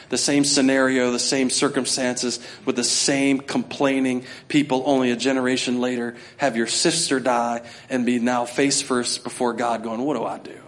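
A middle-aged man preaching a sermon to his church, talking conversationally and acting out scenes. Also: mid-range voice. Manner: conversational preaching, acts out voices, builds to shouting. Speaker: pastor.

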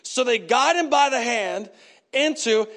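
High-voiced pastor preaching animatedly. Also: male voice, unhurried. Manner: animated storytelling, acts out characters. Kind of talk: sermon.

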